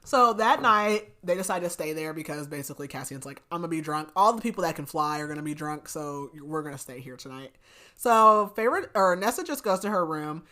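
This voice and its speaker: Recapping a fantasy novel on a podcast, this young co-host chats casually in a low-pitched, slightly bright voice. Her talk is peppered with "like" and frequent laughter.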